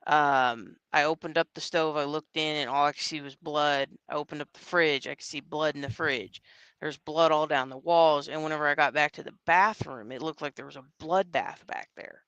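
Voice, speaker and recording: A man's voice: a little high, steady tone, normal speed, fairly bright tone, clear, resonant tone, no room sound. A man, a psychic medium guest, telling a story in a casual, rambling way, with lots of fillers and quoted dialogue.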